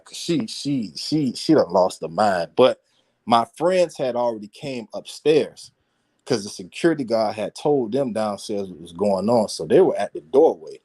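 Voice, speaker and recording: In casual conversation, a man tells a personal story in an animated, slangy way, swearing and repeating words as he goes. His voice is medium-pitched and his pace moderate.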